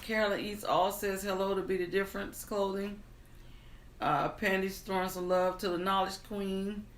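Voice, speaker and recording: A woman hosting a live stream, greeting viewers, reading their comments aloud in an unhurried, friendly way, then starting a storybook tale. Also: medium pitch, flat delivery, echoey room. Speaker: livestream storyteller host.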